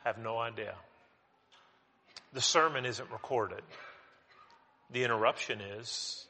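A male pastor preaching a sermon in a church, emphatic and animated, repeating words as he builds his points. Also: mid-range voice, measured pace, slight background noise. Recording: long hall reverb.

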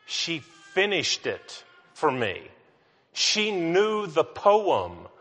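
A man's voice: fairly high pitch, wildly swooping pitch, drawn-out words, fairly bright tone, soft background music. Middle-aged man preaching in a reverberant hall. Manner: conversational storytelling with self-mocking humor. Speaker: pastor. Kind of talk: sermon.

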